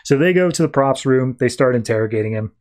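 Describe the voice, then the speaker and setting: A man hosting a comics podcast, giving a chatty, animated recap and opinion. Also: medium pitch, quick pace. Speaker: podcast host. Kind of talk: casual comic book recap.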